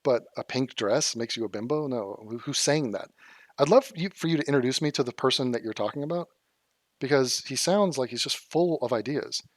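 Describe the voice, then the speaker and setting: A man's voice: mid-range voice, fairly quick, no echo, clean studio sound. A man from Los Angeles doing sarcastic, profane reaction commentary, mocking clips he reacts to. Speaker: commentary youtuber.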